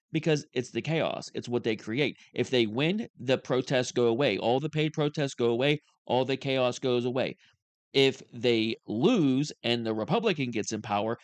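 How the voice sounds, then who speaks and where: A man's voice: mid-range voice, no room sound. A man hosting casual commentary, ranting in an exasperated, profane way. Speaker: commentary host.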